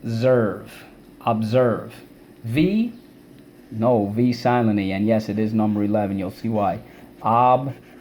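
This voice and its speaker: A man's voice: fairly low pitch, moderate pace, dark tone, slight background noise. A male teacher giving a spelling and vocabulary lesson, defining words and leading the class through call-and-response drills, syllable by syllable.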